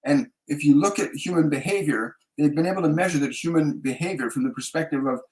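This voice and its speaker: Guy doing psychic readings for viewers, kinda high voice, lots of um and restarts. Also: fast, darkish tone, rough recording. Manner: hesitant, searching, many restarts and fillers. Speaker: spiritual medium answering viewer questions. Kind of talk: live Q&A readings.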